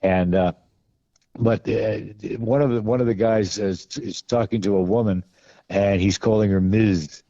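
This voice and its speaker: A man's voice: fairly low pitch, fairly even intonation, unhurried, dark tone, no echo, dull audio. A man guesting on a podcast, telling rambling, wry stories about film work with many restarts. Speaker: podcast guest, film costume and gun expert. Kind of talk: casual anecdotal storytelling.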